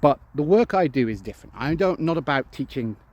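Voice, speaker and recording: A man's voice: fairly high pitch, expressive, a little fast, a little mellow, muffled recording. A man, a phobia specialist talking straight to camera and acting out anxious inner voices. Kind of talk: direct-to-camera talk.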